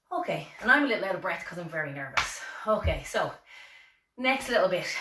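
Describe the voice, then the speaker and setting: A woman's voice: medium pitch, pushed and bright, slight background noise. Encouraging Irish woman leading exercises. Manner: encouraging, counting reps, brief self-deprecating asides. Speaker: fitness instructor. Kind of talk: leading a seated exercise class. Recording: echoey room, voice from far off.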